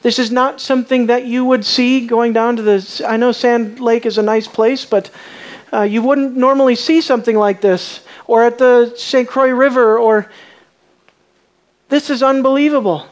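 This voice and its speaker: A preacher giving a sermon, asking the listeners questions, repeating words while thinking, and moving between hushed lines and raised, emphatic ones. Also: mid-range voice, steady tone, normal speed.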